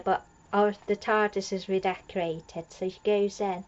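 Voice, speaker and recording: A woman's voice: medium pitch, level tone, measured pace, a little mellow, dull audio. A woman recapping an episode as a fan reviewer, gushing and rambling with lots of fillers and restarts.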